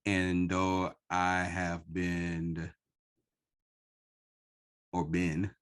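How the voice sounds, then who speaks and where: A man with a very low, deep voice speaks slowly and earnestly. He is sharing a personal story in a reflective podcast conversation. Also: completely flat delivery, fairly bright tone, smooth. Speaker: podcast host.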